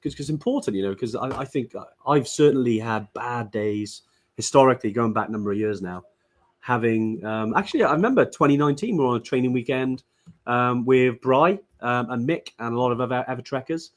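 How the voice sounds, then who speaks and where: A man from Wales co-hosting a relaxed live stream, his voice sitting at an ordinary middle pitch. He talks in a loose, chatty way, full of ums and restarts, as he greets viewers and shares tips. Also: fairly quick. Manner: chatty, many fillers and restarts. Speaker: podcast co-host. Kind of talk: casual live-stream chat.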